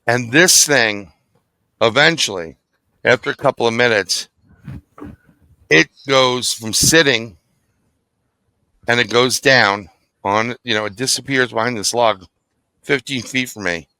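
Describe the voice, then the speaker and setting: A man telling a vivid, animated story as a guest being interviewed about paranormal investigation, blunt and sometimes profane. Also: medium pitch, measured pace, long pauses, clean tone, dry recording.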